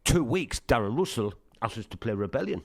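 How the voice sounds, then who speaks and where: This middle-aged punk band singer from Sunderland, England, speaks with a Northeast English accent at medium pitch and a brisk pace. As a guest in a casual interview, he tells lively anecdotes, acts out quoted dialogue, and swears freely, all on a dry recording.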